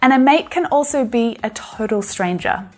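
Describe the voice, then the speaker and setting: An Australian woman with a slightly high voice gives a friendly, explanatory English lesson in her own Australian accent. Faint music plays softly behind her. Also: animated, normal speed. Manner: friendly, explanatory, laughs now and then. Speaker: English teacher.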